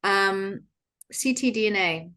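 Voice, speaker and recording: A woman moderating a webinar Q&A over a video call, friendly and pausing often with "um". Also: mid-range voice, sharp tone.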